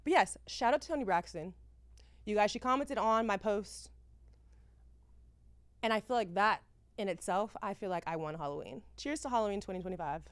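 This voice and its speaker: A woman in her thirties hosts a podcast with lively, slang-filled, exclamatory chat. Her voice sits at an ordinary middle pitch. The sound is close and dry, with no room around it. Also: moderate pace, pauses often, no room sound. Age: 30s. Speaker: podcast host.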